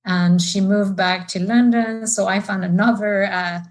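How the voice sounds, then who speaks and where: A woman's voice: mid-range voice, steady tone, measured pace, poor audio. A woman with a French accent speaks as a podcast guest. She talks casually and chattily, with frequent fillers, in her thirties or so. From France. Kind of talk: podcast interview.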